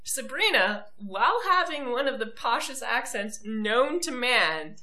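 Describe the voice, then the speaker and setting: A woman hosting a podcast in casual chat, enthusiastic and quick to laugh. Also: a little high, big pitch swings, reverberant, a crowd in the background. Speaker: podcast host.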